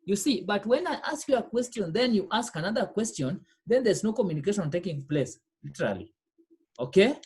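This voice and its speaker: A woman's voice: medium pitch, very animated, fairly quick, a little mellow, husky. A woman teaching a French lesson, explaining patiently, repeating phrases and checking that students follow. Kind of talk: online class lesson.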